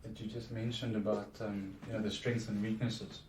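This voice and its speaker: A man's voice: on the low side, little pitch movement, moderate pace, a little mellow, slight background noise. Earnest man in an echoey room. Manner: reflective, earnest, with frequent restarts. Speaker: podcast guest. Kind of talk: casual conversation. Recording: echoey room, distant from mic.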